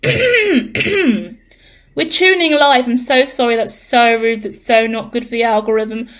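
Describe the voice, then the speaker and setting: Excitable croaky woman reading tarot. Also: fairly high pitch, normal speed. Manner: chatty, excitable and rambling, with swearing. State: croaky, cracking voice. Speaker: tarot reader. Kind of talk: casual live tarot reading.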